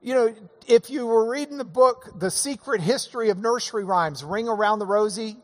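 A man's voice: sits high, normal speed. A man hosting a casual monologue, telling stories in a folksy, chuckling way. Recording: long hall reverb.

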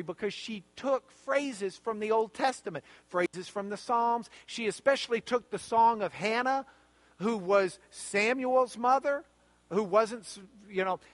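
Leading a Bible study, a man with a high voice unpacks the text emphatically and with animation, repeating phrases for effect. The recording is dry.

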